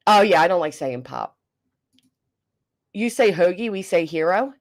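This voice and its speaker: A woman's voice: lowish voice, lively intonation, brisk. A woman, hosting a casual livestream, reading comments and joking bluntly with swearing. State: coughing. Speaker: livestream host.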